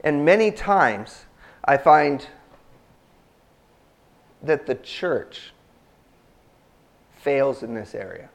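A man's voice: medium pitch, very animated, extremely slow, long pauses. Male preacher, mid-range voice, casual sermon delivery, questions the congregation. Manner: conversational, asks the congregation questions. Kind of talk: sermon with scripture reading.

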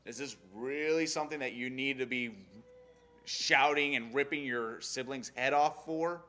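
A young adult man giving a casual sermon on a Bible story, animated and acting out the characters' lines. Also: mid-range voice, moderate pace. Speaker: Bible study teacher.

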